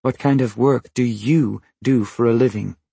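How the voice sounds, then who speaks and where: A man's voice: mid-range voice, normal speed, gravelly, mellow, husky, no room sound. A man reading an audiobook, voicing a guarded young woman who asks clipped, probing questions in a slightly raised tone. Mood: wary. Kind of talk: audiobook character voice.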